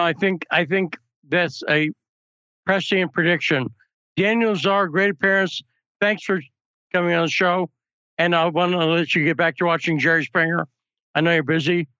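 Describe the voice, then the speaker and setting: A man's voice: on the high side, steady tone, normal speed, sharp tone, clean tone, no echo. Male talk host, casual storytelling manner, dry close sound, lo-fi audio. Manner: chatty, storytelling asides.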